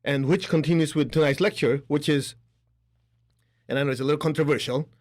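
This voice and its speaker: A man giving a spiritual lecture, animated and laughing between points, acting out other people's voices as he talks. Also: on the high side, a little fast. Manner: animated, acts out quoted voices. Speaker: spiritual teacher. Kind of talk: spoken lecture.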